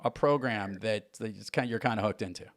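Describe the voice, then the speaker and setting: A man's voice: fairly low pitch, quick pace. A man from New York hosting a podcast, asking playful questions in casual chat, often restarting his sentences. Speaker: podcast host.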